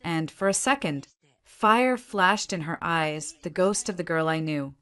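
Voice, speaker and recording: Lower-pitched woman narrating a story. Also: unhurried, a bit bright. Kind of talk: first-person story narration.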